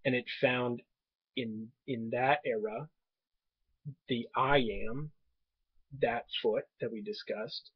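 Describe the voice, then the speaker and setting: A man teaching a lesson to a webcam, speaking in a measured way with frequent ums and restarts, recorded on a muffled webcam mic. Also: mid-range voice, fairly even intonation, breathy edge, no room sound. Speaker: tutor. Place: indoors at home desk. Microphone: webcam microphone.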